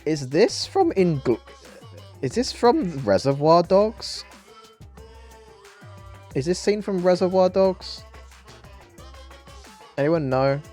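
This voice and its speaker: Very animated yet slow, with long pauses, this streamer's voice sits high but carries a dark tone. He's from southern England and chats casually on a gaming livestream with mock indignation, recorded on a dry close mic with faint game music.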